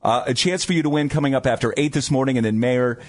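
A man's voice: mid-range voice, quick pace. A middle-aged man co-hosting a morning radio show, chatty and stumbling over words. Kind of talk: casual radio banter.

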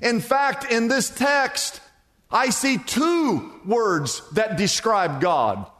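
A man's voice: very high voice, animated, very slow, a bit bright. A man preaching a sermon as pastor, asking rhetorical questions and repeating phrases for emphasis, in a church. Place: church sanctuary. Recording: long reverb of a church hall.

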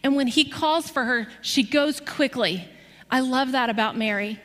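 A woman preaching a sermon, telling a story with lively rhetorical questions to her listeners. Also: high voice, normal speed, in a large hall.

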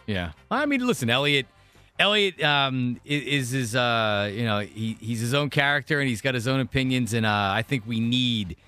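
A man's voice: medium pitch, animated, pushed and bright, clean tone, no room sound, faint music behind. A man hosting sports talk radio, chatting casually and often restarting his sentences. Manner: rambling, halting restarts.

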